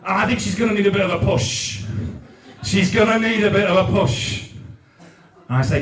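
A man from Newport in South Wales in his thirties, doing a brash, sweary stand-up routine with quick asides to the crowd. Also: high-pitched, a bit bright. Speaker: stand-up comedian. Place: live comedy venue, large room. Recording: echoey room heard from a distance.

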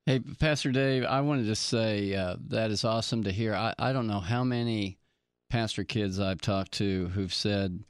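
Easygoing, low-voiced Southern-raised man. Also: normal speed, clear, resonant tone, no echo, clean studio sound. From American South. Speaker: radio co-host, pastor. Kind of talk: casual radio chat.

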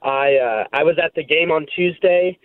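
A man calling in to a radio show, excited and rambling about a hockey win. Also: fairly high pitch, moderate pace. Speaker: caller. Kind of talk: excited call-in chat. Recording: phone line.

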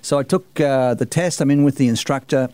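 A man's voice: mid-range voice, brisk, warm tone, clean tone, no room sound. Australian man in his sixties, dry studio sound. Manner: laughs while telling stories. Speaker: radio host. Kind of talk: casual storytelling chat.

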